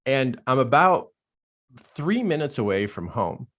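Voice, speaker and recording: A man giving a live coaching talk, telling a personal story in an earnest way, dropping to a hushed voice at dark moments and growing animated in others. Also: medium pitch, measured pace.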